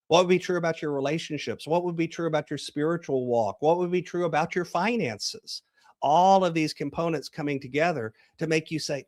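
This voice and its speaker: A man's voice: a little high, a little fast, a little mellow, dry recording, studio quality. A man, a coach and author, talking in an interview and acting out small scenes as he tells a story. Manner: storytelling, acts out dialogue. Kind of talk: podcast interview.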